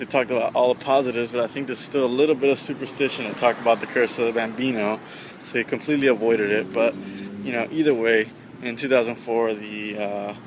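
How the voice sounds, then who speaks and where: A man hosting a travel show, giving matter-of-fact commentary to the camera outdoors. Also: medium pitch. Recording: street noise behind.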